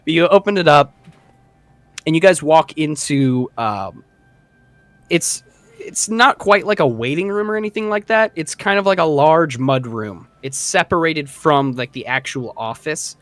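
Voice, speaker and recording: A man's voice: a little high, lively intonation, measured pace, a bit bright, no room sound. A man narrating a tabletop game as game master, casual and rambling with many fillers.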